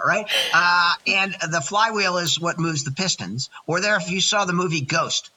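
A man in his sixties chats as a podcast guest in a very bright, forceful voice, with a slightly high pitch. He sounds energetic and jokey, and he often counts off his points one by one. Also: normal speed, poor audio. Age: 60s. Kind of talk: casual chat.

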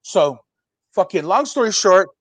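A young man telling a profane, animated story on a podcast, acting out the people in it. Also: high voice, measured pace, no echo. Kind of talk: casual storytelling with acted quotes.

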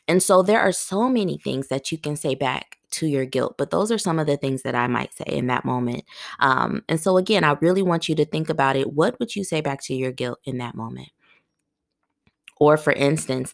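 Woman, podcast host, earnest coaching, low pitch, dry room. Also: gravelly, no room sound. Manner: earnest coaching, speaks straight to listeners, laughs at own jokes. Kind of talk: solo motivational podcast talk.

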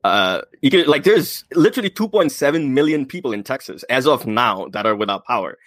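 A man in an ordinary middle pitch, rambling through hesitant fillers and sarcastic asides. The recording is dry and close, with no room sound. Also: very animated, brisk, a bit bright, no echo. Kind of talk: casual political chat.

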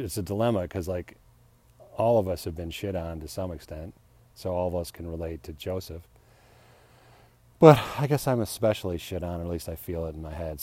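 A man's voice: low voice, warm tone, no room sound. A man musing aloud in a solo podcast, rambling and self-deprecating, restarting his sentences and laughing at himself. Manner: acts out heated retorts, laughs often. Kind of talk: rambling personal reflection.

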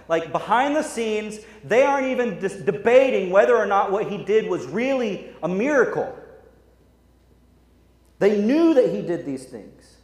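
A young man preaching a sermon as pastor, frank and conversational, telling stories in an animated way. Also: sits high, moderate pace. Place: church hall. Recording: echoey church hall.

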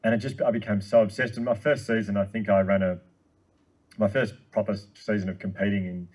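A man tells a story at a rapid clip, the words tumbling out in his eagerness. His voice is husky and sits low. It sounds like relaxed conversation with a guest speaker. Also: poor audio. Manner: fast, excitable storyteller. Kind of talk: casual chat.

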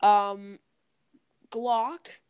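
Chatty woman podcast host, quick laugh. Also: mid-range voice, fairly even intonation, a little mellow, clean tone. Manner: chatty, self-correcting, laughs often. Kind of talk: casual chat.

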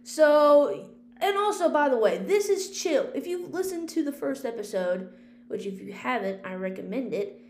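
A woman's voice: high voice, lively intonation, moderate pace. A woman hosting a casual, unscripted podcast, rambling chattily about movies and swearing freely. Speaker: podcast host and film critic. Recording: echoey room with faint hum.

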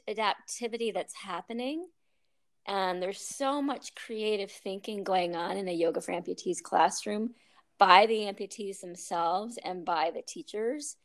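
Chatty woman with a gravelly voice. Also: mid-range voice. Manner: chatty storyteller, laughs often, many ums and restarts. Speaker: guest, yoga teacher. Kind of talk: casual interview conversation.

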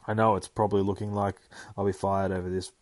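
A man's voice: deep voice, level tone, quick pace, no room sound, far from the mic, close to an everyday voice. A man doing a grovelling bumbling agent. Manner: grovelling, apologetic. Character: bumbling, apologetic male surveillance agent.

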